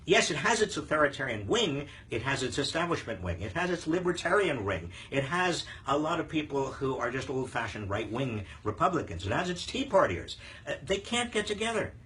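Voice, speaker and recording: A man's voice: mid-range voice, sing-song, brisk, a bit bright, slight background noise. An older man hosting a live viewer Q&A on politics, talking emphatically with frequent fillers and restarts. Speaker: host answering viewer questions.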